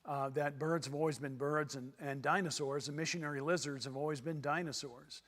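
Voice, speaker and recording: A man's voice: on the high side, steady tone, a little fast, a bit bright. A man from Texas giving a church seminar lecture in a folksy way, repeating his points for emphasis. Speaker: seminar speaker. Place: church hall. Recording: long hall reverb.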